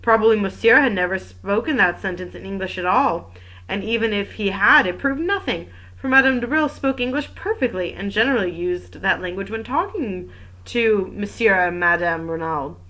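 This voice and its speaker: A woman's voice: mid-range voice, expressive, normal speed, sharp tone, rough recording. A woman reading the part of a stubborn, gossipy old female French servant, speaking firmly and with emphasis.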